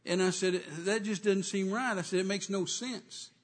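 Husky man telling a sermon story. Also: high voice, normal speed. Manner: animated retelling, acting out dialogue. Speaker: preacher.

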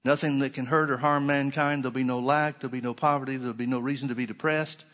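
A man preaching a sermon, earnestly repeating key phrases and slowing down to stretch out the scripture he quotes. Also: mid-range voice, steady tone, fairly bright tone.

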